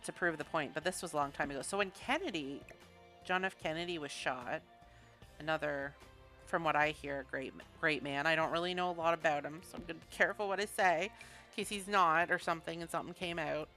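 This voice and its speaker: Rambling, chatty woman streamer, low-ish bright voice, faint music behind. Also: a little fast. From Canada. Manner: rambling, chatty, laughs often. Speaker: gaming streamer. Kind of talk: casual chat while building in a video game.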